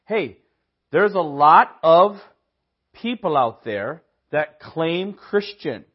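Man, church teaching, conversational, slightly high voice, muffled lo-fi audio. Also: lively intonation, breathy edge. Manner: conversational, tells personal stories, quick asides. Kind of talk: sermon-style church teaching. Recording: dull lo-fi audio.

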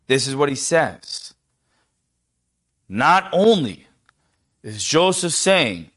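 A middle-aged man preaching a sermon, asking the congregation rhetorical questions and dropping to a near hush for tender quoted lines. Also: mid-range voice, expressive, slow, long pauses.

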